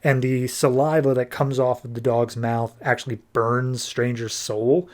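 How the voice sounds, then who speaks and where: A man hosting a podcast, recapping a comic book issue in a chatty, casual way with quick asides. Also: medium pitch, little pitch movement, darkish tone. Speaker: podcast host.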